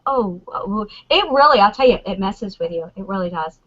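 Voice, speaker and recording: A woman on a convention panel, chatting excitedly and acting out lines from scenes. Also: medium pitch, normal speed, muffled recording. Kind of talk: animated fan chat.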